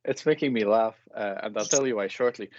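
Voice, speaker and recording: Man, friendly lecturer guest, low-ish voice, dull lo-fi call audio. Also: fairly quick, a little hiss or hum. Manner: relaxed, friendly, self-deprecating. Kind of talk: casual live discussion.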